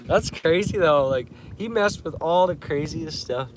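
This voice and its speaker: A man's voice: fairly high pitch, lively intonation, a little slow, noisy background. A man in his thirties chatting casually with livestream viewers from a canoe on a lake, laughing often and reading comments aloud. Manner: laid-back, laughs often, reads chat aloud. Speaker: fishing livestreamer. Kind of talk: casual live-stream chat.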